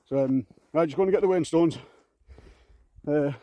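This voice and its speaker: A man vlogging casually while hiking up moorland outdoors, out of breath and speaking haltingly with lots of fillers. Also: fairly high pitch, warm tone, no echo. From England. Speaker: camping vlogger.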